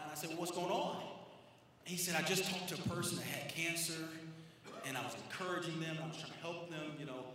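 A male pastor preaching with a high, bright voice that carries through a large reverberant sanctuary. He shifts from hushed storytelling to shouted calls for a response. The sound rings with a long echo. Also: brisk, slight background noise. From Florida, USA. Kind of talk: sermon. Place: church sanctuary. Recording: echoey hall with long reverb.

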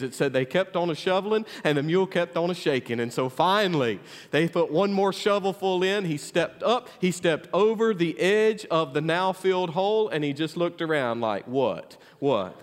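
A man preaches a sermon to his congregation in a high, ringing voice. His delivery is full of call-and-response, rising loud and then dropping to a hush. The sound rings with the long echo of a church hall. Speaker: pastor.

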